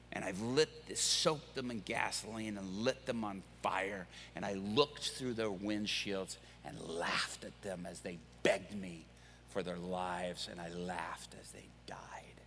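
A man voicing a hardened male prison inmate who is a remorseless killer, speaking low, slow and grave. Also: sharp tone, long reverb tail, a little hiss or hum, heavily acted. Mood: grim.

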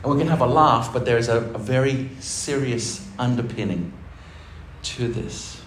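A pastor of medium pitch and moderate pace preaches to his church in a conversational, joking manner with laughs. The sound is roomy, typical of a church hall, with slight noise.

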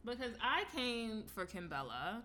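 A woman's voice: on the high side, measured pace, a crowd in the background. A woman co-hosting a casual chat, blunt and profane. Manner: blunt, profane, animated storytelling. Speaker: podcast co-host.

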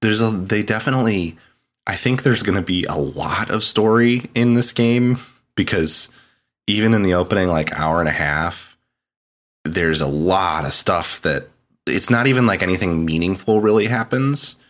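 A man's voice: low-pitched, moderate pace, fairly bright tone. A man co-hosting a casual gaming podcast, retelling a game's story and breaking into laughter as he goes. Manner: laughing storyteller, retells game dialogue in mock voices. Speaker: podcast co-host. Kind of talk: casual chat.

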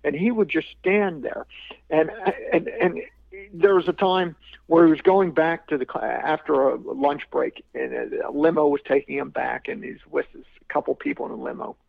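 A man in a podcast interview tells a long story, circling back with restarts and repeated words. His voice is heavily gravelly and a touch high. It comes through a tinny, phone-like line with a dry sound. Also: steady tone, normal speed, no room sound. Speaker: podcast guest. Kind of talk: anecdotal storytelling.

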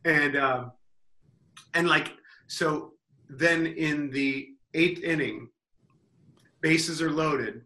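A man telling a comic story on a panel podcast, rambling and amused with himself, breaking into loud mock quotes. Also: a little high, very slow, pauses often, a little hiss or hum.

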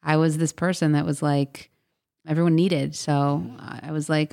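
Low-voiced chatty woman. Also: flat delivery, moderate pace, vocal fry, darkish tone. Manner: chatty, many fillers and restarts, acts out quotes. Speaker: podcast guest. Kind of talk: casual interview chat.

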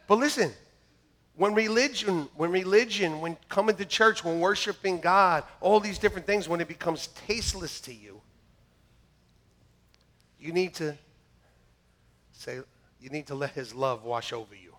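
A man preaching a sermon to his church, joking and lively, then turning quietly earnest. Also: high voice, moderate pace. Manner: jokey and animated, swinging between loud punchlines and quiet earnest asides. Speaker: pastor. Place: church sanctuary with a congregation. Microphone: church sound system, live-streamed.

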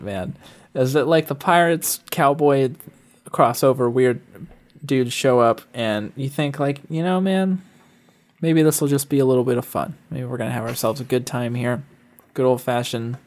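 A man's voice: mid-range voice, moderate pace. A man co-hosting a podcast, talking in a laid-back, profane way with easy laughs. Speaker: podcast co-host. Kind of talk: casual chat.

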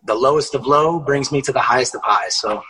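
A man's voice: mid-range voice, fairly quick, a crowd in the background, poor audio. A young man guesting on a podcast, chatting casually and energetically, swearing and using lots of fillers. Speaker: actor guest.

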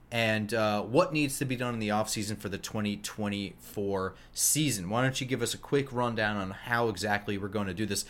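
A man's voice: medium pitch, fairly bright tone. A man with a light New Jersey accent, co-hosting a sports podcast in casual, wry chat. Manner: wry, joking. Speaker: podcast co-host.

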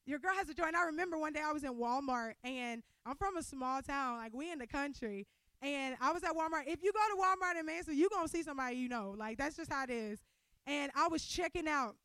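A young woman giving an animated, conversational sermon to a women's gathering. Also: high voice, no echo. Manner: animated, conversational preaching with laughter. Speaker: speaker at a women's church event.

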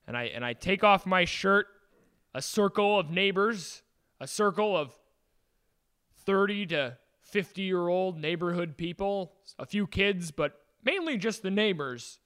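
A man playing an earnest, high, bright-voiced neighbor. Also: animated, a little slow, clear, resonant tone. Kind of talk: improvised comic storytelling in character.

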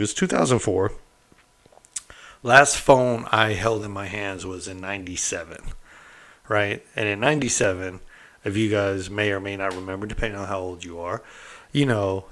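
A middle-aged man with a low voice spins a personal story in a loose, candid way. He keeps checking in with his listener and drops the odd curse word. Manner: candid and animated, peppered with "right?" and mild cursing. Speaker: storyteller recounting prison life. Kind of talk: casual anecdotal storytelling.

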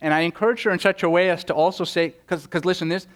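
Male pastor, earnest sermon delivery, a touch higher-pitched, repeats himself for emphasis. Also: fairly even intonation, fast. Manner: earnest, repeats words when pressing a point; acts out quoted prayers in a raised voice.

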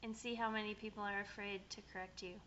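A woman's voice: mid-range voice, fairly even intonation, fast, a bit bright. A young woman co-hosting a podcast, chatting casually and playfully. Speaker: podcast co-host. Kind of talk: casual chat. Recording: dull, lo-fi podcast audio.

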